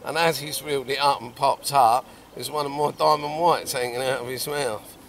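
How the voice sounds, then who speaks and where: Lively angler spinning a yarn. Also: male voice, medium pitch, moderate pace, slight background noise. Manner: lively storyteller, bursts into loud chants. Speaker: carp angler guest. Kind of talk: animated anecdote telling. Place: outdoors at a lakeside swim.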